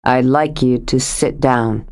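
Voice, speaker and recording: A woman voicing a troubled grown man who speaks in a low, steady, earnest way as he confesses to his lover in an audiobook. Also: slow. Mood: earnest, pleading. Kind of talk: audiobook character voice.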